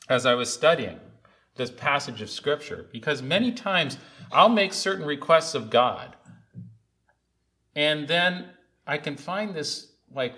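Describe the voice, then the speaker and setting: Bright-toned earnest male preacher. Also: medium pitch. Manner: earnest, rising to loud emphatic calls and repeated lines. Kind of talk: sermon.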